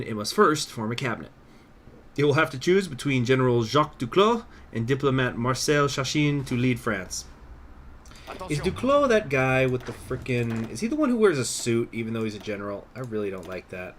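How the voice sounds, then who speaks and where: A man's voice: mid-range voice, brisk. Rambling young male game streamer. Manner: rambling, swears freely, many fillers. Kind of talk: casual live-stream commentary.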